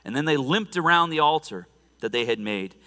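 A man preaching a sermon as a pastor, telling the story in an animated, conversational way with laughter. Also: a little high, a little fast, long reverb tail. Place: church sanctuary.

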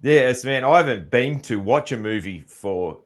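A man's voice: medium pitch, animated, moderate pace. A middle-aged Australian man hosting a podcast, chatting in a laid-back, rambling way and laughing often. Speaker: podcast host. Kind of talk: casual chat.

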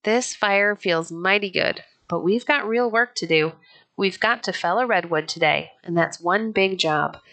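A woman voicing a kindly, firm pioneer father in a storybook reading, slow and reassuring. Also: mid-range voice, a bit bright. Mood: gentle firm.

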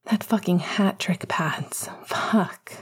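A woman voicing a tender young male lover with a soft, teasing whisper. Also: mid-range voice, slow, husky, full character voice.

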